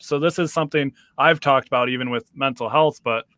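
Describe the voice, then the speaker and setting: Bright hesitant male podcast host. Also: medium pitch, no echo, clean studio sound. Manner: halting, hesitant, reads questions aloud. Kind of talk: casual chat.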